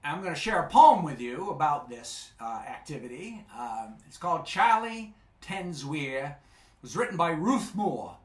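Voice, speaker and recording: A man reciting a storytelling poem on a festival stage with a rhythmic, animated delivery. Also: a little high, measured pace. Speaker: poetry reciter. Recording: echoey live stage.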